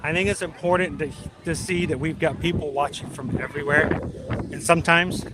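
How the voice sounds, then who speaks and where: A fairly high-voiced man hosts a casual livestream outdoors, reading viewers' names and hometowns in a chatty, welcoming way. Steady park noise sits clearly behind his voice. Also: a little fast. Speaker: livestream host. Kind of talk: casual live stream chat.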